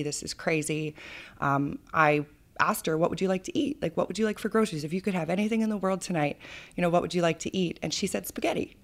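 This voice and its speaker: Ernste Frau mit tiefer Stimme, kanadischer Akzent. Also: female voice, sits low. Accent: Canadian. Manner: earnest, animated storyteller with fillers. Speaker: charity founder, interview guest. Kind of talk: emotional podcast storytelling.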